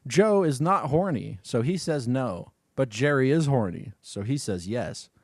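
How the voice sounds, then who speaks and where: A man's voice: medium pitch, lively intonation, measured pace, darkish tone, dry recording, studio quality. A man co-hosting a film podcast, retelling a plot casually with lots of swearing and laughter. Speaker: podcast co-host.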